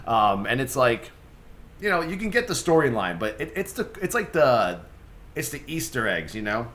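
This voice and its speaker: A man's voice: mid-range voice, big pitch swings, normal speed, a bit bright, slight background noise. A young man hosting a casual vlog, rambling and swearing with lots of fillers and restarts. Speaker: streamer and vlog host.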